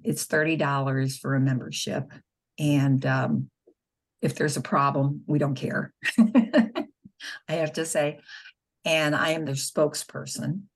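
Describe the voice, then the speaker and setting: A middle-aged woman, a nurse and spokeswoman, telling patient stories earnestly in an interview, acting out the dialogue. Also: extremely low pitch. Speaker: nurse and pro-life spokeswoman. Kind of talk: conversational interview storytelling.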